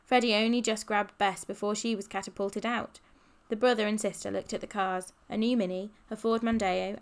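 Woman reading a kids' story aloud, lively and expressive, mid-pitched voice. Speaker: audiobook narrator. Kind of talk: children's audiobook narration.

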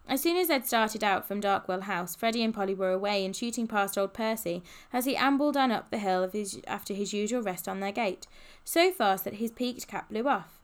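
A woman narrating a children's audiobook in a lively, expressive way. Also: medium pitch.

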